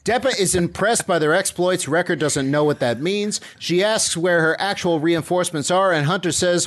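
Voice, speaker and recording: A man's voice: high voice, animated, normal speed, few pauses, fairly bright tone. A man hosting a podcast, recapping an episode in casual chat and dropping into silly voices. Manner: playful, slips into silly voices while retelling scenes.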